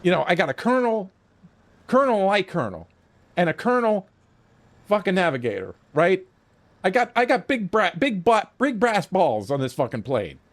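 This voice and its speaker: An older man with a notably high voice tells a rambling war story while streaming a game. He swears constantly and acts out each line of dialogue he remembers, giving the tale a loose, lively pull. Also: normal speed. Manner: profane, animated storyteller acting out quoted exchanges. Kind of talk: casual storytelling while gaming.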